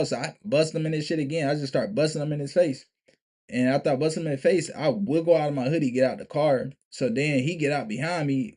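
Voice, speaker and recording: A man's voice: fairly high pitch, a little mellow. A young man telling a story to camera in a casual, profane, emphatic way, restarting and repeating himself often. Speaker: vlogger.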